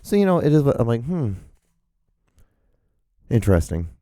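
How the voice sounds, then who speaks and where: A man's voice: a little high, animated, rapid-fire, dark tone, smooth, no echo, clean studio sound. A man hosting a casual solo podcast, rambling, swearing and poking fun at himself. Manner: rambling, profane, self-mocking. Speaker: podcast host. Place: indoors, rain outside. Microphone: microphone, host wearing earphones.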